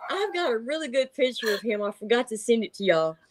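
A woman's voice: a little high, big pitch swings, fast. A middle-aged woman, telling stories in casual chat, laughing often and acting out voices. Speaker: guest telling encounter stories.

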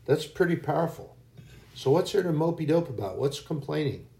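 A man's voice: fairly high pitch, animated, a little fast, creaky, mellow. A man preaching an informal sermon in a folksy, emphatic way, now and then mocking people in a put-on voice.

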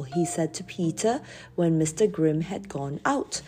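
A woman storyteller reading a children's book aloud in clear, measured narration. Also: deep voice, animated, warm tone, faint music behind.

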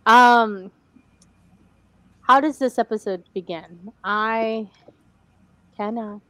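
A young woman co-hosting a casual chat about a TV series, animated and mocking, with some swearing. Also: fairly high pitch, drawn-out words, dry recording. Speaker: podcast co-host.

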